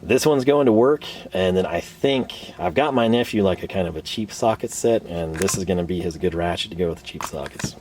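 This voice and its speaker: A man's voice: low-pitched, fairly quick, few pauses, a little mellow, slight background noise. A man filming a casual tool haul vlog in his home garage shop, rambling along with lots of fillers and restarts, his voice a little worn. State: tired, voice worn. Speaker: tool reviewer. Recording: distant camera mic.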